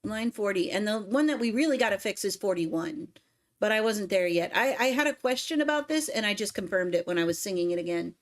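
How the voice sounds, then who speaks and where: A woman's voice: mid-range voice, lively intonation, fairly quick. A woman hosting a music livestream, chatting casually and singing lines to test lyrics, often poking fun at herself. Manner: self-deprecating, sings lyric lines to test them. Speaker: livestream host, singer.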